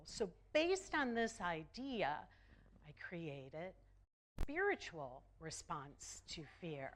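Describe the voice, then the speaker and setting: Woman minister, sermon delivery, slow and deliberate, lowish voice, emphatic repetition. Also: very animated. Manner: slow, emphatic, repeats phrases for effect.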